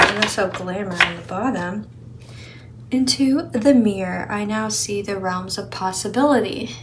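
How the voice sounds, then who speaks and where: A young woman gives a casual tarot reading in a mid-range voice over some background noise. She's chatty and encouraging, laughs often, and sounds a little out of breath.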